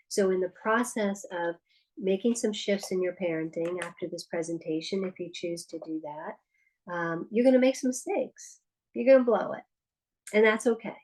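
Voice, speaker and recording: A woman's voice: fairly low pitch, darkish tone, rough recording. Candid woman giving a parenting talk. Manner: candid and personal, frequent restarts. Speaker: parenting workshop presenter. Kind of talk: conversational presentation.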